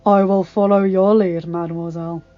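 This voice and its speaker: A woman's voice: fairly low pitch, flat delivery, muffled recording, close to an everyday voice. A woman voicing a loyal, composed male servant who speaks formally. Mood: courteous. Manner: formal and measured.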